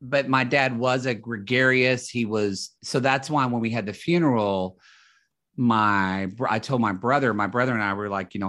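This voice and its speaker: A man's voice: on the low side, normal speed, a bit bright. A man talking casually as a podcast guest, telling a long family story with many restarts.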